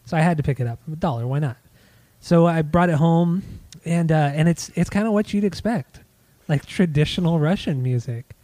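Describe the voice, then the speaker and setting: A man's voice: on the high side, moderate pace, warm tone, no room sound. A man chatting casually about records he bought, easygoing and a little hesitant, swearing now and then. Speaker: podcast co-host. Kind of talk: casual chat about vinyl finds.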